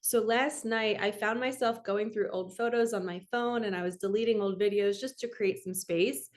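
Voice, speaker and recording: A woman's voice: medium pitch, normal speed. Candid woman telling a personal story. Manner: candid, emotional, rambling with fillers. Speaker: manifestation coach.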